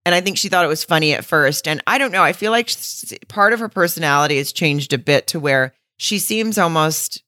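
A woman's voice: low-pitched, animated, a little fast, few pauses, pushed and bright, no echo, studio quality. A woman co-hosting a podcast, candidly chatting about a reality show, swearing and laughing often. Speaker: podcast co-host. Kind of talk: casual chat recapping a reality show.

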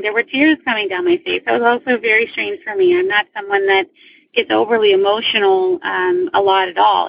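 A woman recounting a personal experience in a heavily gravelly, husky voice that rises high and swings widely in pitch. She hesitates often and restarts her sentences. The sound is dry and dull, like a lo-fi phone call. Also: no room sound. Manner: hesitant, many ums and restarts. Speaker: caller telling a ghost story. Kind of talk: personal storytelling, casual.

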